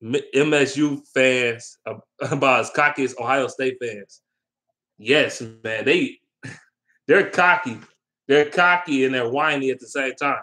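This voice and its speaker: Bright-voiced man rambling about sports. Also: mid-range voice, unhurried. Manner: rambling and opinionated, with loose slang and frequent ums. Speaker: sports vlogger. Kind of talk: casual sports talk.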